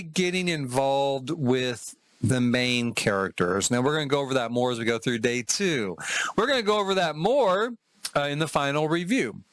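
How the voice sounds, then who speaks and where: Lively, chatty man with an animated voice. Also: on the high side, dry recording. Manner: chatty and enthusiastic, laughs often. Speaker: travel vlogger. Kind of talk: casual review monologue.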